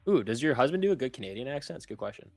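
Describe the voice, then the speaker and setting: A man's voice: mid-range voice, rapid-fire, creaky, no echo, faint music behind. A man co-hosting a live trading stream, joking casually and reading out market headlines. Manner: relaxed, joking, reads market news aloud.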